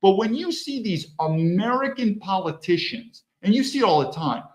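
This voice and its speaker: A man's voice: high-pitched, animated, moderate pace, low-quality recording. A middle-aged man and military veteran giving an opinionated political monologue, emphatic, with rhetorical questions and repeated words. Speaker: political commentator.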